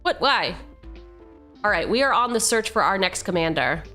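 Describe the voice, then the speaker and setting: During a casual live stream, a woman opens card packs, wanders from topic to topic, makes self-deprecating jokes and reads card text to her viewers. Her medium-pitched voice has lively intonation at normal speed, heard over music.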